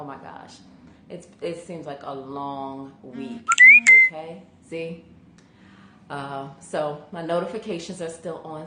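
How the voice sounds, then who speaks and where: A woman's voice: lowish voice, roomy sound, noisy background. A woman career coach hosting a casual live stream, chatty and greeting viewers by name, sleepy from allergies.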